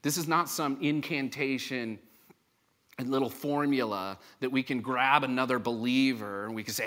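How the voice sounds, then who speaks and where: A man preaching a sermon to his congregation, lively and acting out the voices he quotes. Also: mid-range voice, moderate pace. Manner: animated, acts out quoted voices. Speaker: pastor. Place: church service before a congregation.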